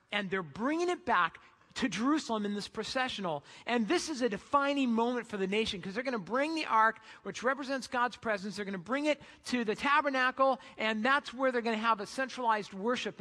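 A preacher tells a story in a casual, conversational sermon style. The voice is bright and forceful, and a long hall echo trails after the words. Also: medium pitch.

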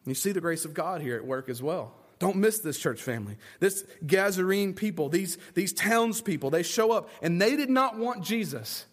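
A man's voice: high-pitched, expressive, moderate pace, few pauses. A man preaching a sermon as pastor, earnest and emphatic, with repetition and rhetorical questions.

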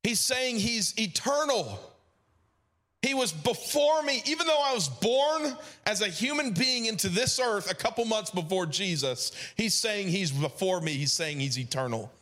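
A high-voiced male pastor delivers a sermon in a loose, chatty style, breaking off for playful asides. His voice is picked up from a distance and rings through a very echoey room, with faint noise underneath. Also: animated, measured pace, a bit bright. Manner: conversational preaching with joking asides.

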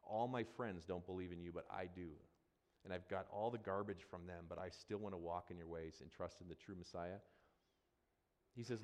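Pastor, male, deep voice, conversational sermon delivery that repeats phrases for emphasis, long hall reverb. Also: steady tone, moderate pace, darkish tone.

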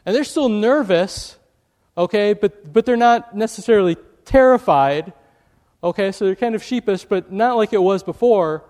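A man's voice: high voice, moderate pace, big-room sound. A man preaching a sermon, telling a story with animation and acting out the voices in it. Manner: animated, acts out quoted voices.

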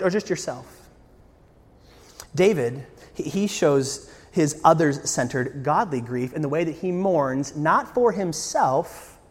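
A man's voice: a little high, slightly rough. A man preaching a sermon as pastor. He speaks earnestly, asks the congregation rhetorical questions and rises to emphatic bursts. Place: church sanctuary. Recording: long church-hall reverb.

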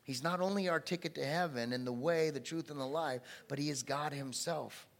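A man preaching a sermon as pastor, with sudden loud animated bursts. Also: fairly high pitch, fairly quick, creaky. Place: church sanctuary. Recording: long reverb of a church hall.

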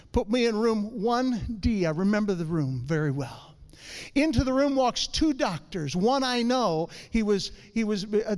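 A middle-aged man giving a humorous testimony to a congregation, an animated storyteller who keeps calling for the audience's response. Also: very high-pitched, clean tone. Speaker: church speaker.

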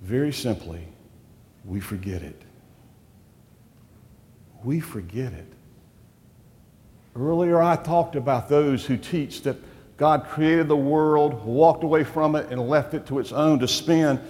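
A man's voice: fairly high pitch, a little slow, a little mellow, long reverb tail. A male pastor preaching a sermon, emphatic and full of rhetorical questions to the congregation. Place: church.

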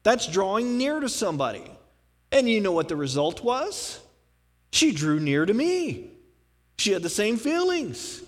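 A man with a notably high voice gives a casual, folksy sermon in a church sanctuary. He leans on rhetorical questions and repeated punchlines. His words ring out in a hall with a long reverb. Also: very animated, a little slow. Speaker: pastor. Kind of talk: conversational sermon.

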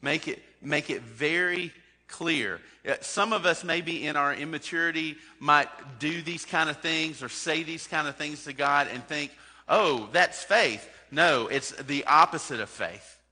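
Pastor guy preaching, super bright voice, long echo like a big hall. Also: on the high side, a little slow. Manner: conversational preaching, direct questions to the congregation. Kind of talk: sermon.

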